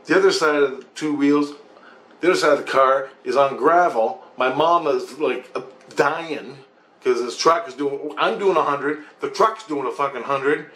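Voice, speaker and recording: A man's voice: medium pitch, a little slow, fairly bright tone. A man ranting in a rambling monologue, agitated and swearing constantly. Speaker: vlogger. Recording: roomy echoey recording.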